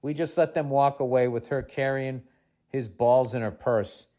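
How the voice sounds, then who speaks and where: A man's voice: medium pitch, fairly even intonation, normal speed, mellow. Sarcastic man reading a listener letter. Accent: Boston. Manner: sarcastic, exasperated asides, shifting between reading and ranting. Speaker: podcast host.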